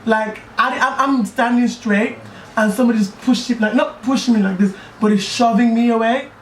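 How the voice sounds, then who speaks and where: A man's voice: extremely high pitch, moderate pace, distant mic, a little hiss or hum. Chatty young man, echoey off-mic room. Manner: animated, chatty, keeps asking "do you know what I mean". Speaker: YouTuber telling a personal story. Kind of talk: casual storytelling chat.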